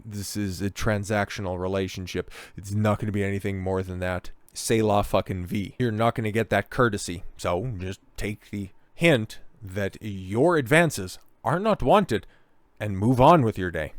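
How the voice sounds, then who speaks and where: A man's voice: lowish voice, moderate pace, no echo. A man hosting a commentary video, talking in a blunt, profane, lecturing way. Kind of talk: casual commentary.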